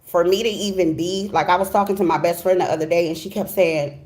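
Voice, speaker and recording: A woman's voice: fairly low pitch, fairly even intonation, brisk, few pauses, a little mellow. A middle-aged woman giving a casual, heartfelt tarot reading, emphatic and chatty, often asking "okay?". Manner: emphatic, chatty, heartfelt, repeats "okay?" and "you know what I'm saying". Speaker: tarot reader.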